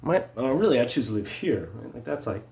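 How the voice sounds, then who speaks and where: A man in a rambling monologue, full of "right?" and "you know" fillers, swinging between low mutters and sharp emphatic spikes. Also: sing-song, a little fast, creaky, slight background noise.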